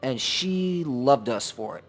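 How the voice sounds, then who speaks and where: A man co-hosting a casual podcast chat, speaking directly to listeners with relaxed advice. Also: mid-range voice, slow, soft background music. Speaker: podcast co-host.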